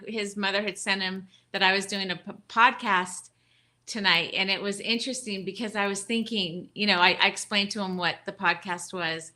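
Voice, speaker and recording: A woman's voice: mid-range voice, pushed and bright. A woman who leads a ministry, a podcast guest telling a heartfelt personal story with emotion and gratitude. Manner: emotional, grateful, rambling with restarts.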